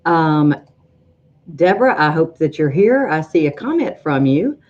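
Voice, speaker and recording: A woman hosting a live sewing-software show, greeting viewers in a chatty, rambling way with frequent ums. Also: deep voice, big pitch swings, measured pace, lo-fi sound. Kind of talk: casual livestream chat greeting viewers.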